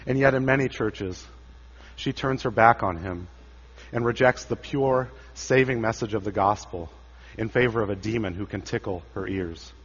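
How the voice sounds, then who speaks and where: A man preaching a sermon, dramatic, rising loud for quoted cries and dropping low and quiet for solemn lines. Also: moderate pace, slightly rough. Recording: dull sound with long church reverb.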